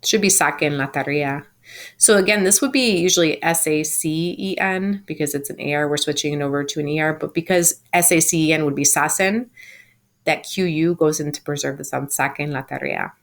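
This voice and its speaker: Woman teacher w a low voice, recorded lesson at home, patient, says examples slow n clear. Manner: clear, patient explaining with slow modelled phrases. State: home sick. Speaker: Spanish teacher.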